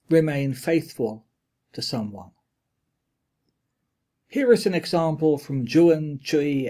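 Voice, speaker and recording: A man reading a linguistics lecture aloud, with a deliberate, measured delivery of quoted examples and their glosses. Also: fairly high pitch, a little mellow.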